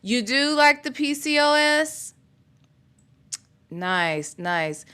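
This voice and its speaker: A middle-aged woman hosts a casual livestream, greeting viewers by name and reading their comments aloud in a chatty, playful way, laughing freely. Her voice is high and bright, with a sing-song lilt, drawn-out words, and a forceful tone.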